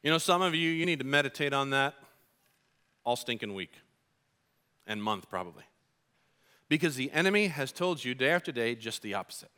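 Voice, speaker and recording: A middle-aged man preaching a sermon as pastor, earnest and animated, acting out his own frustrated outbursts when he tells stories. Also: medium pitch, moderate pace, pauses often, clear, resonant tone.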